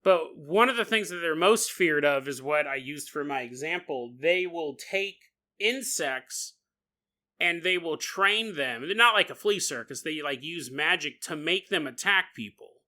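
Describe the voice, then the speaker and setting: A man with a high, very bright voice hosts a comedic folklore podcast. He jokes constantly, laughs often and breaks into quick silly character voices mid-story. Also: lively intonation. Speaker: podcast host.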